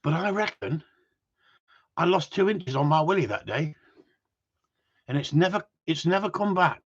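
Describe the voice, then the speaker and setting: A man's voice: fairly high pitch, animated, moderate pace, fairly bright tone, slightly rough, muffled recording. A man chatting casually to viewers in a rambling, cheeky way, swearing freely. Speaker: vlogger.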